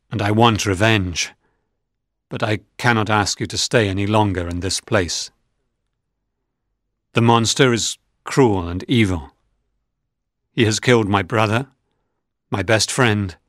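A man's voice: on the low side, unhurried, long pauses, fairly bright tone, dry recording, clean studio sound. A man voicing a weak, dying man in a storybook reading, speaking faintly.

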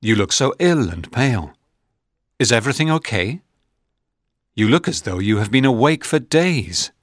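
A man voicing a kind, worried young male friend in a storybook reading, in a gentle, concerned tone. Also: mid-range voice, sing-song, normal speed, dry recording, clean studio sound, lightly acted.

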